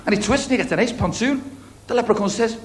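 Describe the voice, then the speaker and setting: High-voiced Liverpudlian stand-up comedian. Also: male voice, slight background noise. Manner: quick-fire one-liners, chirpy asides to the audience. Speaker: stand-up comedian on a talent show. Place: TV studio stage before a live audience. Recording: echoey 1980s TV studio, loud audience.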